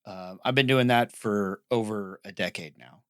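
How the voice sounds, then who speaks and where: A man talking as a guest on a casual podcast, rambling with many pauses and restarts. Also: fairly low pitch, clean tone, no echo, studio quality.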